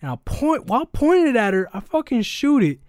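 This young podcast host has a very high, very animated voice at normal speed, recorded dry in studio quality. In casual chat he tells rambling stories, slangy and profane, with plenty of fillers.

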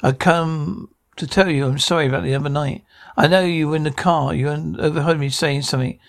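A man's voice: a little high, fairly even intonation, fairly quick, vocal fry. An actor playing an irritable middle-aged man who squabbles in sitcom dialogue, stammering and restarting. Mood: apologetic. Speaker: sitcom character.

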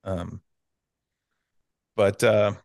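A man who teaches, hosting a casual radio chat, halting and repeating words as he talks. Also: on the low side, steady tone, gravelly, no echo, clean studio sound.

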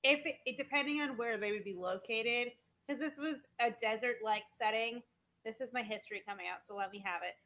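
A woman's voice: fairly high pitch, brisk, a bit bright, rough recording. A woman co-hosting a podcast in casual chat, explaining eagerly, swearing casually and correcting herself. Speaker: podcast co-host.

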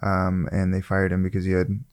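A man co-hosting a casual podcast, relaxed and joking, with frequent laughter. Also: low voice, a little fast. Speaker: podcast co-host.

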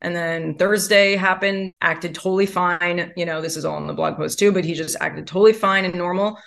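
Woman, podcast guest, chatty and candid, gravelly vocal fry. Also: lowish voice, fairly even intonation, normal speed, fairly bright tone. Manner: chatty, heavy use of "like" fillers. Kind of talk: candid conversational storytelling.

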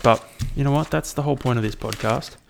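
A man's voice: mid-range voice, fast talker, creaky, noisy background. A young man, rambling and swearing casually as he hosts a solo podcast. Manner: rambling, sweary, self-deprecating. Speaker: podcast host.

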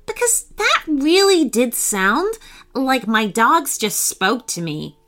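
A woman's voice: sits high, huge pitch swings, takes it slowly, fairly bright tone, faint music behind, full character voice. A woman voicing a young girl who scolds her dogs in a children's story. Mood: lively. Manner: scolding, exclamatory.

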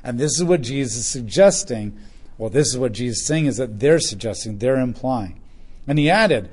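A man preaching through a Bible passage, animated as he acts out the voices of the people in the story. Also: mid-range voice, moderate pace, breathy edge. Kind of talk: expository Bible teaching.

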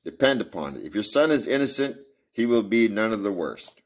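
Self-satisfied storybook police inspector, read by a man, low-pitched and proud. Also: big pitch swings, fairly quick. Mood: boastful. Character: Gregson, proud male police detective.

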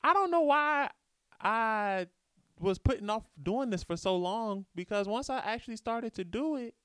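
A man doing his partner's high falsetto voice. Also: lively intonation, unhurried, fairly bright tone, clean tone, dry recording, clean studio sound. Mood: amazed. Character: his female partner, exasperated adult woman.

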